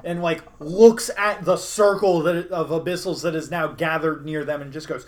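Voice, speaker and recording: A man's voice: a little high, steady tone, moderate pace. A young man casually retelling a tabletop game session in a loose, rambling way, with many fillers and restarts. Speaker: podcast host recapping a game session. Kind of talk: casual storytelling recap.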